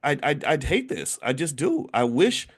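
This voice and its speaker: Man, 50s, slightly high voice with a lively up-and-down delivery; casual monologue, acts out quoted lines. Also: moderate pace. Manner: animated storytelling, acts out quoted voices, frequent restarts. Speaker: commentator.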